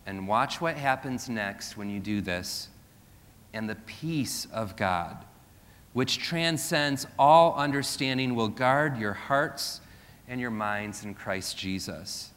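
A middle-aged male pastor preaches with a bright, forceful voice, mixing scripture with wry self-deprecating asides. He throws rhetorical questions at the congregation, and his words trail off in the long reverb of a church hall. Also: medium pitch. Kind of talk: sermon.

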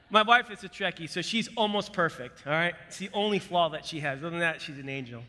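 A man from the United States, a military veteran, telling his story to a live audience in an animated way, dropping to hushed asides and then punching out loud bursts. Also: fairly high pitch, a little fast, few pauses. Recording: echoey hall with long reverb.

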